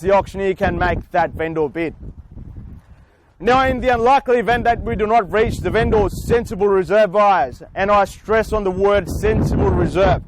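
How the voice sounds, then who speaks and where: A man, an auctioneer, speaking outdoors in front of a house with booming salesman patter and long theatrical pauses. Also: a little hiss or hum. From Australia. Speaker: real estate auctioneer.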